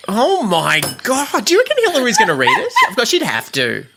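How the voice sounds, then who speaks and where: A man, a guest friend on a podcast, chatting in an animated, gossipy way. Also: very high voice, gravelly, a little hiss or hum. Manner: animated, gossipy, quick to laugh. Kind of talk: casual chat.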